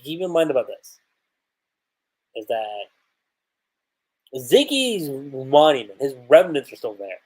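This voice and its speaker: A man's voice: on the high side, a little mellow, rough recording. A man hosting a casual livestream manga chapter review. He thinks aloud, restarts often and laughs.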